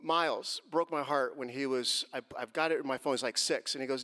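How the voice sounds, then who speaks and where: A middle-aged man giving an earnest answer to a question on faith and race, moving from quiet reflection to impassioned emphasis. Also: medium pitch, steady tone, a little fast. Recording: long hall reverb.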